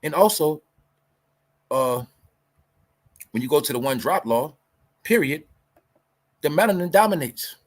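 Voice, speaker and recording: This commentary host has a fairly high voice with lively intonation, talking a little slowly and pausing often. He rants profanely and combatively, lecturing and driving his points home through repetition.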